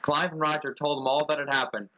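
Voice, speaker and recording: A man's voice: fairly high pitch, steady tone, fast, pushed and bright. A man reading a scripted storybook tale in a plain narrating manner, in a dull lo-fi recording.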